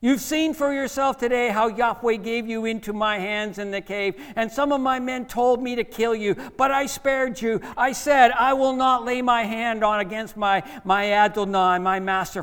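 A man voicing a young warrior who pleads with a king and then defies him, speaking in a loud, impassioned declamation. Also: a little high, a little slow, clean tone, big-room sound, natural voice. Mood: pleading.

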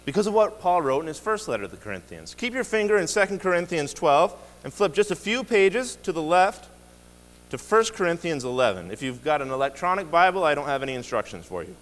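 A male pastor delivers an earnest sermon with a lively, rising and falling voice that sits a touch high for a man. He leans hard on key words and often restarts his phrases. The sound carries a long church-hall reverb. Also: fairly quick. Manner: earnest, emphatic preaching with repeated restarts. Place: church sanctuary.

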